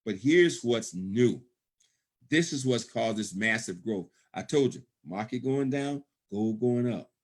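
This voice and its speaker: A man's voice: medium pitch, expressive, unhurried, a little mellow. A middle-aged man, presenting a business opportunity on a call, emphatic and repetitive, checking in with "okay?" often. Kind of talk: sales pitch on a conference call.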